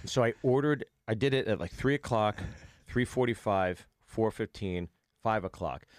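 A man's voice: fairly low pitch, normal speed, dry recording, studio quality. A middle-aged man co-hosting a podcast, telling comic stories with lots of laughter and acted-out quotes. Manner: animated storyteller, acts out quotes, laughs often. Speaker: podcast co-host. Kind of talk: casual chat, comic storytelling.

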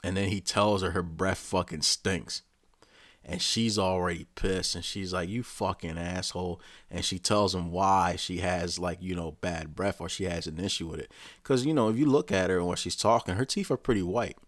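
Deep-voiced man ranting profanely. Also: moderate pace, no echo, clean studio sound. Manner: profane, rambling, animated storytelling. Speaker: vlogger. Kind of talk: casual rant recapping a show.

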